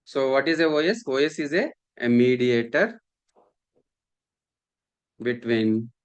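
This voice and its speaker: A man's voice: medium pitch, lively intonation, takes it slowly. A man, lecturing a class, repeating points and often asking the students if they follow. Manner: repetitive, checks understanding often. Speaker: instructor.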